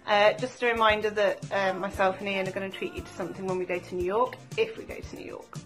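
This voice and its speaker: A woman recording an emotional birthday video message on a phone, quiet and close to tears. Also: mid-range voice, steady tone, fast talker, music in the background. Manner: warm, emotional, quietly tearful.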